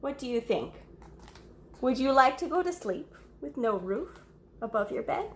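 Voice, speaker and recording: A woman reading a story aloud to children, pausing to ask the young listeners questions and gasping or whispering for effect. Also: sits high, big pitch swings, a little hiss or hum.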